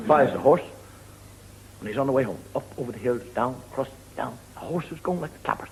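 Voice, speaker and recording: A man's voice: sing-song, quick pace, a crowd in the background. A middle-aged man with an Irish accent, telling stand-up stories with wry, lilting timing. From Ireland. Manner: lilting, wry, rising pitch in the punchlines. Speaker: stand-up comedian. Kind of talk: stand-up storytelling. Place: television studio with audience. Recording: noisy 1970s TV broadcast.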